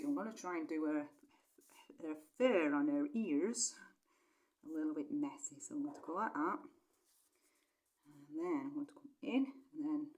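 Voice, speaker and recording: A woman giving a casual draw-along drawing lesson, chatty and rambling, gently encouraging as she works. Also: deep voice. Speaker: drawing tutor.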